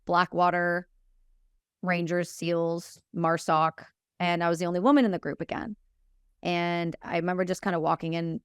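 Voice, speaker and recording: A woman in her thirties from Canada, a military veteran telling her story frankly and with emotion in an interview, quoting others in quick dialogue. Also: fairly low pitch, clean tone, no room sound, clean studio sound. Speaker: podcast guest, military veteran.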